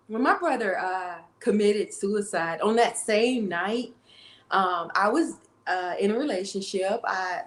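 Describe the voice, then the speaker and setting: A woman in her forties, an interview guest, tells a personal story in a halting way and often repeats her words. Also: medium pitch, echoey room. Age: 40s. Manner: halting, repeats phrases, tearful at times.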